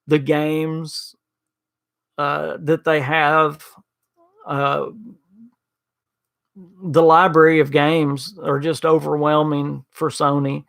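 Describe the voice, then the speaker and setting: A fairly high, creaky, slightly bright male voice belongs to a podcast host reading live chat during a gaming livestream. His talk is rambling and casual, with stumbling restarts and responses addressed to chatters by name.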